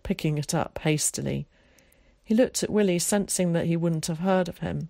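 A woman narrating a children's storybook aloud in a calm, even manner. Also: fairly low pitch, normal speed, gravelly, dry recording, studio quality. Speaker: audiobook narrator.

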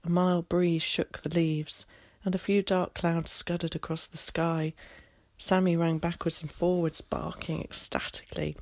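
A narrator reading a novel aloud in a measured storytelling manner. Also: mid-range voice, level tone, a little mellow, no echo. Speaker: audiobook narrator. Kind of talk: scripted narration.

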